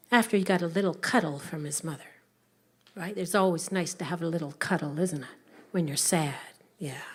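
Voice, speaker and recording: A woman telling a story to families, animated, swinging between whispers and loud calls. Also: on the low side, slightly rough.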